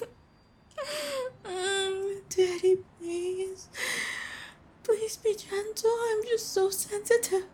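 Very high, slow, tearful young woman. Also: flat delivery, darkish tone.

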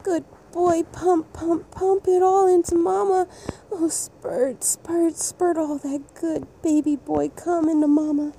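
Woman doing a soft cooing furry cow mama creature, adult audio roleplay, high voice, real slow and soothing. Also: level tone, gravelly, music in the background, heavily acted. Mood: coaxing. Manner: slow, soothing and affectionate, hushing often. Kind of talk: intimate adult audio role-play.

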